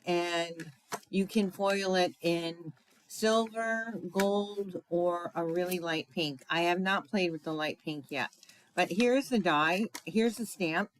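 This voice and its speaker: A woman's voice: on the low side, slow, slight background noise, low-quality recording. A woman giving a casual live craft demonstration, chatty and thinking aloud, talking to her viewers with fillers and asides.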